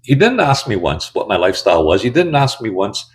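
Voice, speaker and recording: A man's voice: on the low side, very animated, fairly quick. A man in his sixties telling his own story to camera in a candid, blunt, conversational way. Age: 60s. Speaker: channel host. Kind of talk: casual personal storytelling.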